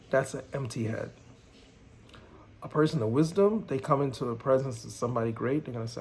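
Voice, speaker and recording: A man's voice: medium pitch, moderate pace, slight background noise. A man teaching as a mentor, emphatic and preachy, repeating his key points. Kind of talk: motivational teaching.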